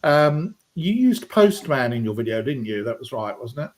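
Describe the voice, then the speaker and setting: A man's voice: mid-range voice, big pitch swings, moderate pace. A man with a British accent hosting a live stream, chatting casually and rambling, with plenty of ums and uhs. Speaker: livestream host.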